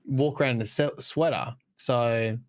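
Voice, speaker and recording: A man's voice: medium pitch, moderate pace. A man with an Australian accent co-hosting a casual gaming podcast, joking crudely and swearing freely. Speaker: podcast co-host.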